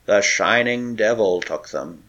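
A man croaking as a crazed giant Norse sailor. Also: fairly low pitch, unhurried, pushed and bright, muffled recording. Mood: haunted. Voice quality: thick, lifeless croak.

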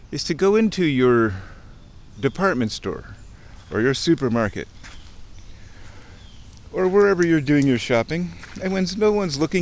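A man narrating casually while walking outdoors along a wooded creek. He is playful and chatty, mimicking sounds and chuckling often. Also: medium pitch. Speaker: nature vlogger. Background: faint outdoor ambience.

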